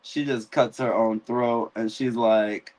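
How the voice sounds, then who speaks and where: Male host, mid pitch, casual and animated recap, acts out quotes. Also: slow pace, low-quality recording. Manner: animated, acts out characters' lines. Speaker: podcast host. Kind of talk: casual live-stream episode recap.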